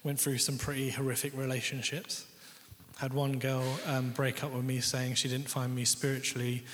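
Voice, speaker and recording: A man's voice: mid-range voice, flat delivery, moderate pace, a bit bright, a little hiss or hum. Candid man speaking in a hall. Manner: candid, conversational, quotes others' words. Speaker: guest speaker. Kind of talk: personal testimony in a sermon. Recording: long hall reverb.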